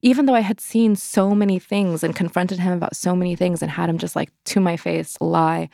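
A woman's voice: fairly low pitch, fairly even intonation, a little fast, gravelly, warm tone, no room sound, studio quality. A young adult woman telling her personal story as an interview guest, candid and conversational, full of fillers. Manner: conversational, many fillers, acts out quoted voices.

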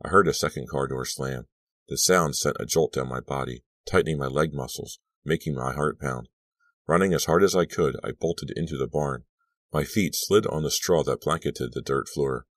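Super deep guy reading an audiobook, steady storytelling, dead dry sound. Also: normal speed, dry recording. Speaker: audiobook reader. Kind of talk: scripted first-person narration.

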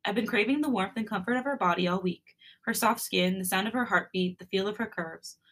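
A woman's voice: mid-range voice, fairly quick, fairly bright tone. Woman podcast host reading romance fanfic. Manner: casual, chatty asides between reading.

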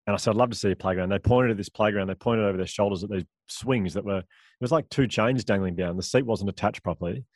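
A man, a guest author, telling lively stories full of quoted dialogue in a casual interview. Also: on the low side, no room sound, studio quality. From Australia. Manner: animated storyteller, quick asides and quoted dialogue.

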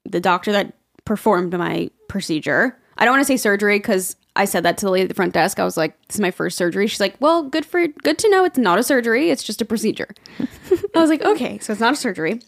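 A woman's voice: mid-range voice, fast talker, vocal fry. Young woman podcaster, storytelling, lots of voices for other ppl, laughs a lot. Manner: animated, acts out quoted people in raised voices, laughs often. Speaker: podcast co-host. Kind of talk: casual storytelling chat.

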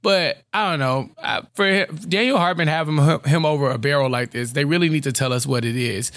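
A man co-hosting a podcast in casual recap chat, animated, often acting out characters' lines. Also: on the high side, no echo. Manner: animated, acts out characters' lines in quick bursts. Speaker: podcast co-host.

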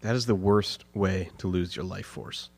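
Husky low-voiced man, wryly exasperated. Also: steady tone, normal speed, a little mellow. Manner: dry, exasperated reactions. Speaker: podcast co-host. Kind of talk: casual chat.

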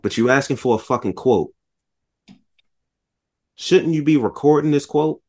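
A man chatting casually about a movie, retelling scenes with animated voices and lots of swearing. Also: medium pitch, unhurried. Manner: animated storytelling, acts out scenes, swears a lot. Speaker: podcast co-host.

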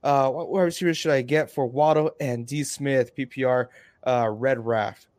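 A man's voice: medium pitch, fairly even intonation, moderate pace, a little mellow. A man with a mid-range voice co-hosts a casual podcast. He is chatty and emphatic and pushes his opinions hard. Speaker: podcast co-host. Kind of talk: casual fantasy football chat.

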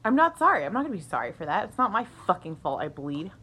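Young woman, lively swooping pitch, casual podcast chat, swears a lot, laughs easily. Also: fast. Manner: profane, storytelling with quoted voices, laughing often. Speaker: podcast co-host.

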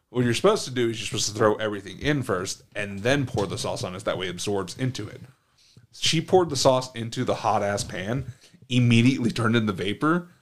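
A man's voice: fairly low pitch, fairly quick. A man co-hosting a casual chat podcast, telling funny food stories with lots of swearing and laughter. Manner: animated storytelling, swears often, laughs a lot. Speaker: podcast co-host.

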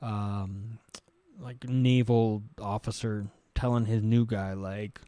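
A man's voice: on the low side, level tone, takes it slowly, dark tone, no room sound. A young adult man hosting a podcast, chatting casually and acting out scenes as he talks. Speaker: podcast host. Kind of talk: casual conversational interview.

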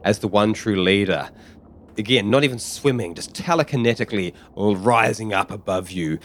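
A man narrating a tabletop game as game master, vivid and halting with restarts. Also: on the low side, a little hiss or hum.

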